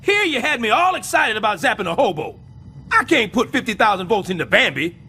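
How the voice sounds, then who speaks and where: An actor playing a scheming middle-aged building superintendent in an animated sitcom, sarcastic and overdramatic. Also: male voice, sits high, a little fast, slight background noise, full character voice.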